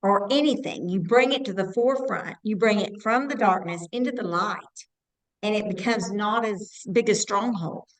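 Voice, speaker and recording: A woman's voice: mid-range voice, normal speed, poor audio. Earnest woman joining an online class. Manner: earnest, explaining with examples. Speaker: class participant. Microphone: video call.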